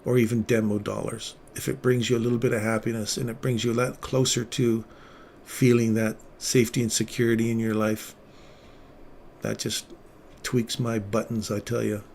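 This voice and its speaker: A man hosting a casual livestream, once a paramedic, talking with earnest feeling and sometimes dropping his voice very low. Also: little pitch movement, moderate pace, gravelly, darkish tone, a little hiss or hum. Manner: earnest, emotional storytelling, drops to near-whisper at tender moments. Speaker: livestream trading host, former paramedic.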